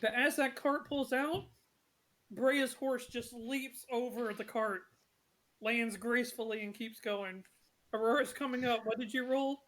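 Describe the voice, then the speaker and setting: Chatty woman game master, high voice. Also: measured pace, fairly bright tone. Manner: chatty, apologetic, many fillers. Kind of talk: narrating a tabletop game session.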